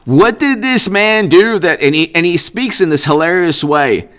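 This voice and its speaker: Hosting a live stream of political commentary, this man is sarcastic, animated, and prone to saying things more than once. He has a high voice and speaks at a normal rate.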